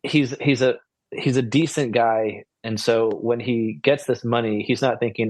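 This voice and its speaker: A man's voice: medium pitch, fairly even intonation, measured pace, a little mellow, no echo. A man co-hosting a podcast, chatting casually and musing through a TV episode recap, rambling and asking questions. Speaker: podcast co-host.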